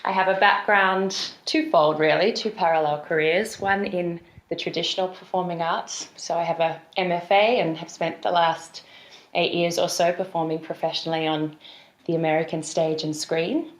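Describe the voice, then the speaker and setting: Guest, female, soft Australian accent, fluent trainer-actor, roomy audio. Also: lowish voice, moderate pace. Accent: softened Australian. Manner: articulate, expressive, fluent explainer. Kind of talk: conversational podcast interview. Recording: roomy echo.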